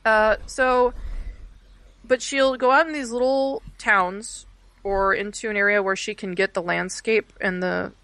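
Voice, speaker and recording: A young woman from Texas talks in a loose, rambling way, full of fillers and restarts. Her voice carries a gravelly fry and sits at a middle pitch. The sound is dry and close. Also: fairly even intonation, measured pace, fairly bright tone, dry recording. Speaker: podcast guest, art education student. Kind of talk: casual chat.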